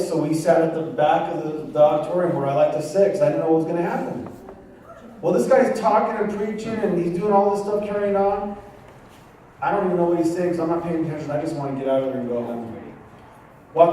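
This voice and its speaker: A man with a high, mellow voice tells a sermon testimony. He acts out the voices of the people in his story and drops in street slang. The sound is very echoey and comes from a mic some way off in a church, with faint room ambience. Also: far from the mic, a little hiss or hum. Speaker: guest pastor. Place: church sanctuary.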